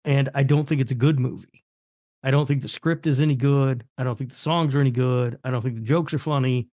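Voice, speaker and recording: A man co-hosting a horror movie podcast, casual and blunt, flatly dismissive. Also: mid-range voice, a little fast, no room sound, studio quality. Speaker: podcast co-host. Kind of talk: casual chat.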